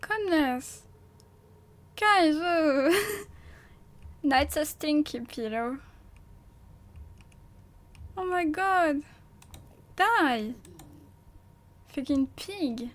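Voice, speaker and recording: A woman's voice: high voice, lively intonation, extremely slow, long pauses. A woman with a French accent giving live gameplay commentary as a streamer, jumpy and stammering, swearing and laughing often.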